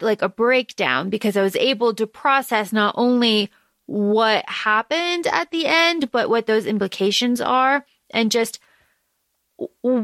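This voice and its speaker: A woman co-hosting a book podcast, telling stories in an animated, rambling way with restarts. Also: on the high side, no room sound. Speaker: podcast co-host. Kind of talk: casual chat.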